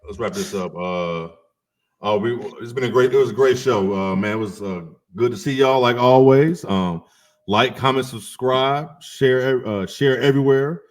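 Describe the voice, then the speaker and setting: A man co-hosting a podcast, laid-back and casually profane as he chats and wraps up the show. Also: mid-range voice. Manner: laid-back, swears casually, drawn-out sign-off. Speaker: podcast co-host. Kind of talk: casual chat.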